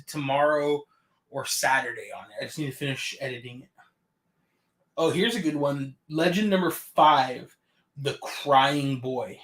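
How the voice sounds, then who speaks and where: A man's voice: a little high, fairly bright tone. Joking male co-host, roomy echo. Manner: joking, reads out viewer comments. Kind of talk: casual livestream chat.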